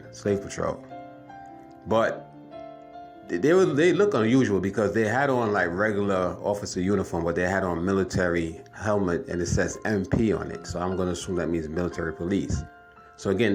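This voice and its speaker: A man with a very low, deep voice tells his story to viewers in loose, casual talk. He circles back, repeats phrases and calls his audience family. Faint music plays underneath. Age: adult, has wife and kids. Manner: rambling, repeats himself, addresses viewers as family. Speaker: vlogger telling a dream.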